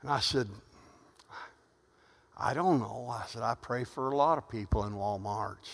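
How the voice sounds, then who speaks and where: A middle-aged male pastor preaching a sermon, telling stories in a soft voice and then rising to loud, fervent calls. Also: mid-range voice, a little slow, in a large hall. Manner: swings from loud preaching to quiet storytelling. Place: church.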